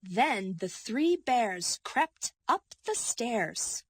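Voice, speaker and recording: A woman narrating a children's story slowly and expressively. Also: fairly high pitch, slightly rough, no room sound, studio quality. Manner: slow and expressive.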